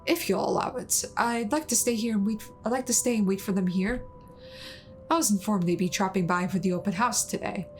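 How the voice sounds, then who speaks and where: A woman voicing a polite, apologetic female client in a horror visual novel, reading in a measured way. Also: mid-range voice, soft background music, close to an everyday voice.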